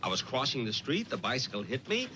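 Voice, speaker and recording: A man acting in a 1950s TV sitcom as a fussy, deadpan tourist who counts and hesitates aloud. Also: medium pitch, fast, background noise. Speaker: comedian playing himself as a tourist.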